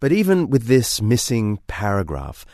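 A man presenting history in a lively storytelling way, quoting old texts aloud. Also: mid-range voice, normal speed, dry recording, studio quality. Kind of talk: documentary-style explanation.

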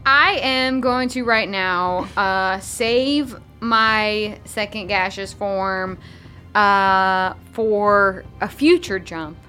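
A woman playing a tabletop game, chatting in an excitable, playful way. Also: medium pitch, very slow, soft background music. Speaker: player. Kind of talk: casual game chat.

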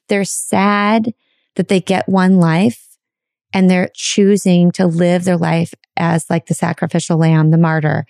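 Brief: woman host, low gravelly voice, mellow and dry, emotional and affirming. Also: little pitch movement, unhurried, no room sound. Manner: warm, emotional, many affirming murmurs. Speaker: podcast host. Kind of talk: casual interview chat.

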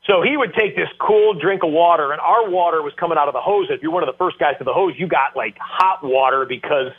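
A man guest telling animated stories with many fillers during an interview. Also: on the high side, quick pace, breathy edge. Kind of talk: casual storytelling interview. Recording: tinny phone line.

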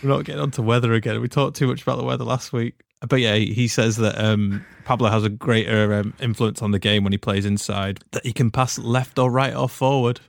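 A man's voice: mid-range voice, fairly even intonation, brisk, vocal fry, few pauses, no room sound. A young man co-hosting a football podcast, chatting easily with dry jokes and reading out stats. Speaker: podcast co-host. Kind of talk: casual chat.

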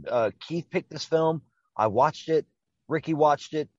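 A man hosting a podcast, bantering casually with profane jokes in quick bursts. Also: fairly high pitch, no room sound, dull audio. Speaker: podcast host.

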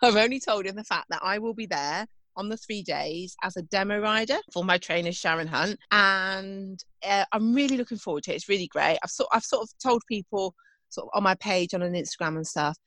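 A woman's voice: medium pitch, brisk, no room sound. Chatty woman, dry sound. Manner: chatty, self-deprecating, animated storytelling. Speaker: podcast co-host and event rider. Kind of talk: casual chat.

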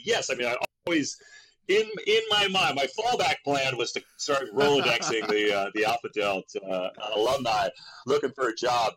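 A middle-aged man from Berkeley, an actor and guest, telling stories in a casual interview, rambling with fillers and leaping in pitch when he acts out voices. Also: normal speed, crowd noise, rough recording. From Berkeley, California. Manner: animated, acts out quoted voices with big pitch jumps; rambling with many fillers and restarts.

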